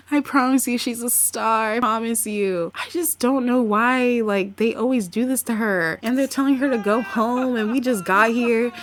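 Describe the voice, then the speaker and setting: A woman giving casual, rambling commentary while playing a life-sim game, animated and easily flustered. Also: a little high, a little hiss or hum. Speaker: gaming video host.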